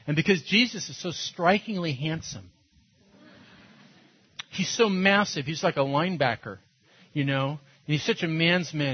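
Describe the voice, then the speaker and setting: A male pastor preaching a sermon, retelling a Bible story in a lively, storytelling way and acting out the characters' lines. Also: on the high side, moderate pace, long pauses, breathy edge, muffled recording. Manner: animated storytelling with acted-out voices and laughs.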